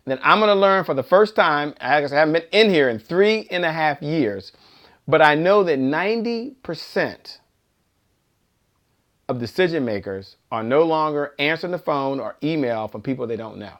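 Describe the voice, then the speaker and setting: A man's voice: on the high side, moderate pace. Upbeat man hosting a sales livestream. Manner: energetic, repetitive, preacher-like emphasis. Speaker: host. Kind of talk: live-stream motivational sales talk.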